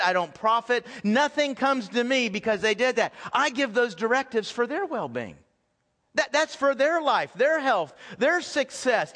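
A man's voice: very high-pitched, a bit bright. A man preaching to his congregation in a sermon, conversational, with rhetorical questions and frequent restarts. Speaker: pastor. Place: church hall with audience.

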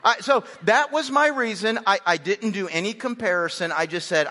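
A man's voice: very high-pitched, sing-song, normal speed, few pauses, bright, forceful tone. A man teaching a live Bible study, talking with the group in a conversational way, stopping to quiz them and explain each point. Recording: long reverb in a large room.

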